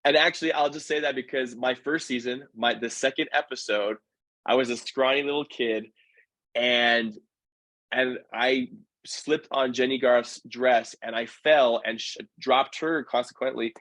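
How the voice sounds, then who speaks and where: In a casual podcast chat, a guest who dances professionally spins animated stories, voicing the people he quotes and catching himself with fast corrections as he restarts phrases. He speaks in a middle male range, captured up close with a dry sound.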